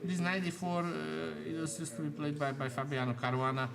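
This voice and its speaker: Halting man commentating chess, crowd behind. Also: a little high, little pitch movement, creaky. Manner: halting, repeats words, thinks aloud over moves.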